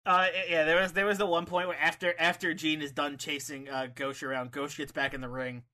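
Man, podcast co-host, bright eager voice, laughs a lot, casual chat. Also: on the high side. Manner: excitable, laughs often, quick restarts. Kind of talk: casual chat recapping wrestling matches.

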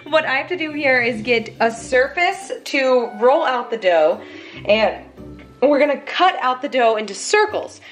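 A bubbly woman with a slightly high voice talks her way through baking in her home kitchen. She jokes, laughs at her own mistakes and chats straight to her viewers. Soft music plays faintly behind her. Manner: chatty, joking, laughs often at herself. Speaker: vlogger. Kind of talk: casual baking vlog chat.

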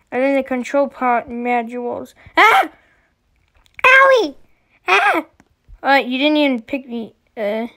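A woman giving casual gameplay commentary, excitable, often shrieking and giggling as she plays. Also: a little high.

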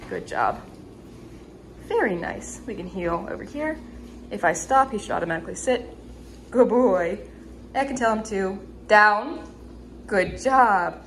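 A woman dog trainer giving a calm, matter-of-fact demonstration inside a house, explaining to viewers between brisk praise for her dog. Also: medium pitch, slight background noise. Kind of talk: instructional demonstration.

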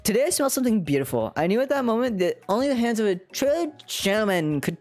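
A woman's voice: on the high side, very animated, fast, a little mellow, faint music behind, voice pushed up. A woman voicing a snarky young female student who gushes in a sing-song voice. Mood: gushing.

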